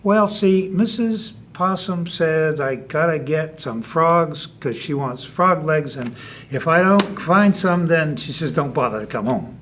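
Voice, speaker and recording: A worried possum frets in a slow, plaintive drawl, voiced by a man telling a folk tale. He sounds henpecked and put-upon, his voice a touch high. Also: lively intonation, a bit bright, a little hiss or hum. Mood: fretting.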